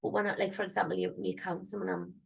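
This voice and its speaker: A woman's voice: mid-range voice, little pitch movement, racing, gravelly, slightly rough, poor audio. A woman, rambling and thinking aloud in a casual vlog. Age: 30s. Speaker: singer vlogging.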